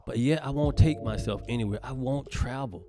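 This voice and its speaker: A man from the United States, a comedian hosting a solo podcast, talking in a profane, emphatic rant that swings between loud bursts and hushed asides. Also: mid-range voice, brisk, a crowd in the background.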